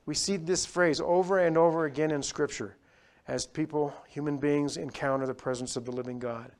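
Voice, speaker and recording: A man's voice: a little high, steady tone, moderate pace. Emphatic male preacher. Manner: emphatic, swings between loud rises and quiet drops. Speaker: pastor. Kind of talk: sermon.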